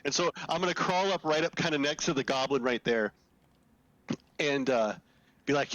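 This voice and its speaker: A man's voice: on the high side, moderate pace, long pauses, fairly bright tone, no echo, low-quality recording. A man playing a tabletop game who talks through his turn hesitantly, thinking aloud as he goes. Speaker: player. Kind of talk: casual chat.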